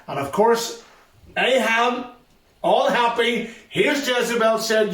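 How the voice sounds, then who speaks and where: A man with a fairly high voice retells a Bible story to a school assembly, driving points home by repeating them. He stands far from the mic in a roomy, echoing hall. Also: a little slow, a bit bright. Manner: storytelling, emphatic repetition. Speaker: youth ministry speaker.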